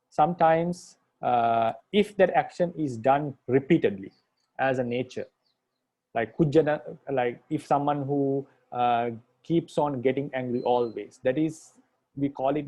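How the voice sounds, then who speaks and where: Mellow-voiced monk patiently teaching grammar. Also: male voice, mid-range voice, a little slow. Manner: patient, repetitive, restates points with "right?". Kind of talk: explanatory lecture.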